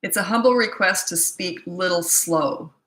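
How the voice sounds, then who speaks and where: Fast-talking older woman, echoey room. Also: lowish voice, fairly bright tone. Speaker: parenting coach. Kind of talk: live-stream Q&A.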